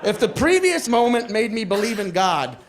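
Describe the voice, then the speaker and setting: Animated young man doing stand-up. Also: high-pitched, moderate pace. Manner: animated, acts out characters with shouted outbursts. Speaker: stand-up comedian. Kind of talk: stand-up comedy story. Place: comedy club stage. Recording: live club with crowd laughter. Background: audience laughter.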